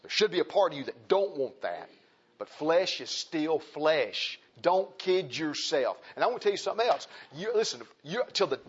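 A man preaching a sermon as pastor, with a folksy, animated delivery that swings from loud bursts to hushed asides. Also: fairly high pitch, normal speed, slightly rough, lo-fi sound.

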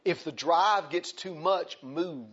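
A man's voice: a little high, slow pace, a bit bright, dull audio. A man preaching a sermon to his congregation, emphatic and repeating his points, calling them brethren. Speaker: pastor.

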